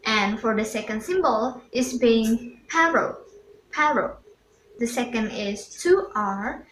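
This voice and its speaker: A young woman walks through a class presentation on accents, explaining step by step and repeating each example word. Her delivery is slow and careful, and her voice sits a little high. The recording has an echoey room sound with faint background noise. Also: fairly bright tone. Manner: slow, halting explanation with repeated demonstration words. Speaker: student presenter.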